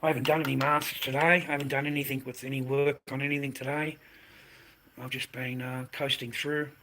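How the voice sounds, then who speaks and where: A man's voice: mid-range voice, level tone, brisk, sharp tone, slight background noise, low-quality recording. A middle-aged man ranting crudely on a livestream, swearing constantly and taunting viewers. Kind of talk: profane livestream rant.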